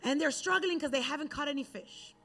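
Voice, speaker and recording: A woman preaching a sermon, retelling a Bible story in a relaxed, conversational way. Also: high voice, a little fast.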